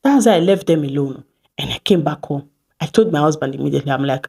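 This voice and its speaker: A Nigerian woman in her thirties from Edo State, telling stories to camera in a lively vlog, slipping into Pidgin and acting out what people said. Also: deep voice, fast talker, vocal fry, husky. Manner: animated, mixes Pidgin phrases, acts out quoted exchanges. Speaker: vlogger. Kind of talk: casual storytelling to camera.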